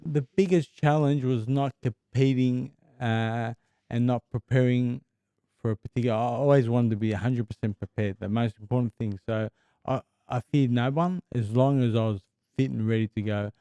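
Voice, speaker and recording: A man, a former fighter, answering interview questions in an earnest, halting way with repeated words. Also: medium pitch, fairly even intonation, dark tone, smooth, no room sound. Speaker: guest, former kickboxing champion. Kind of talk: casual interview.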